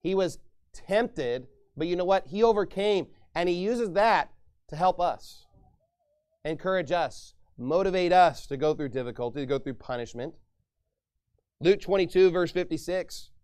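Reading from scripture during his sermon, this pastor speaks in a high, expressive voice with a clean tone and an unhurried pace. His emphatic delivery moves from quiet asides to booming proclamations.

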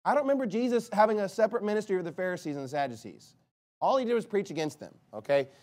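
Fiery high-voiced male preacher. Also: lively intonation, rapid-fire. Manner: fiery, scornful preaching with sudden loud bursts. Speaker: pastor. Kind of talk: sermon.

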